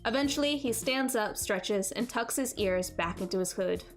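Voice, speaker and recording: A woman streamer reading a visual novel aloud and riffing on it, animated and playful, repeating phrases for laughs. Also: mid-range voice, normal speed, soft background music. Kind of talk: let's-play commentary and visual novel narration.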